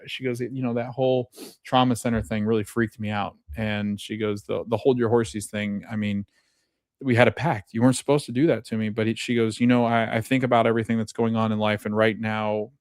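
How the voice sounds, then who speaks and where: A man's voice: medium pitch, darkish tone, no room sound. Rambling male podcast host, dry close mic. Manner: rambling, many fillers and restarts, laughs often. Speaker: podcast host recapping a TV episode. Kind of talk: casual recap chat.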